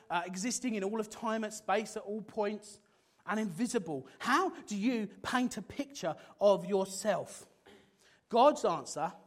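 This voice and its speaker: A man preaching a sermon with passion, swinging from loud exclamations to hushed, intense moments. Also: high voice.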